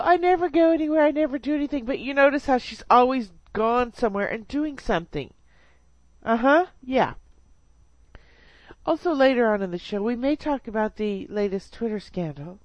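Playful woman radio host, slow and lively. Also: fairly high pitch, dry recording. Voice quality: chatty, giggly, playful. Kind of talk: casual radio banter.

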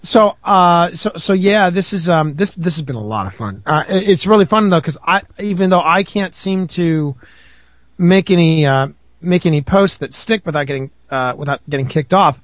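A man with a high voice chats as a guest on a live stream, joking and rambling, stumbling over his words and restarting often. The sound is dry and close, with no room around it. The line is slightly muffled and lo-fi. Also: normal speed, no room sound. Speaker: podcast guest. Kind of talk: casual banter on a live stream call.

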